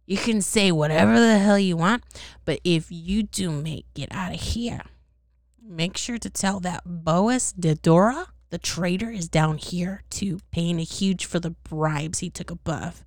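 Woman reading foul-mouthed traitor frozen in ice, defiant, spitting insults, low gravelly voice. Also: a little slow, no room sound, clean studio sound. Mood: spiteful.

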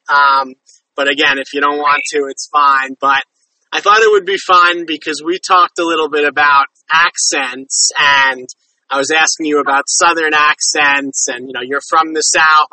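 A man hosts a podcast in a friendly, rambling way, often apologizing and circling back. His voice is fairly high and very bright. He sounds a bit far from the mic in a dry room. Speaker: podcast host. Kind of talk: casual interview chat.

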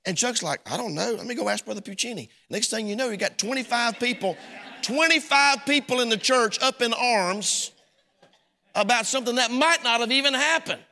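A man's voice: very high voice, moderate pace, sharp tone, big-room sound. A man preaching a sermon as pastor, telling a folksy story and acting out both sides of a conversation. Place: church sanctuary.

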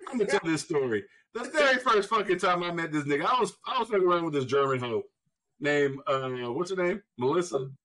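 A man co-hosting a podcast, telling stories in casual chat, animated and swearing freely, jumping up in pitch when he quotes people. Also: fast talker, poor audio. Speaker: podcast co-host.

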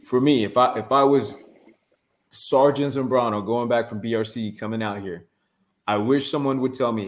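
A man's voice: medium pitch, normal speed. A man who is a guest on a casual talk show, giving blunt, direct advice full of military jargon. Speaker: guest, Marine recruiter.

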